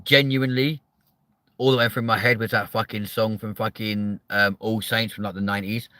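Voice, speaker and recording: A man, hosting a live chat show with loud, sweary, joking banter. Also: lowish voice, little pitch movement, moderate pace, dry recording. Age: 30s.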